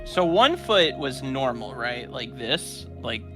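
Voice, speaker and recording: A man with a medium-pitched voice makes quiet, dry side comments during a casual stream. Guitar music is clearly audible behind him. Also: big pitch swings, takes it slowly. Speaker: streamer co-host. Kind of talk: casual chat.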